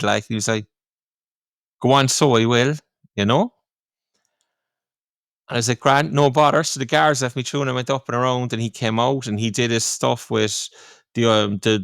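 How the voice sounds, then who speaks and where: Man, Cork Irish accent, podcast host, rambling casual story, gravelly voice, dry close sound. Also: on the low side, fairly bright tone, dry recording. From Ireland. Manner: rambling, lots of "like, you know".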